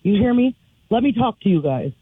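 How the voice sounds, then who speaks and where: Caller doing a cocky lady wrestler promo, husky and tinny over the phone. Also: medium pitch, big pitch swings, brisk. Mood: swaggering. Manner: loud swaggering trash talk. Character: brash young female pro wrestler trash-talking. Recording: phone line.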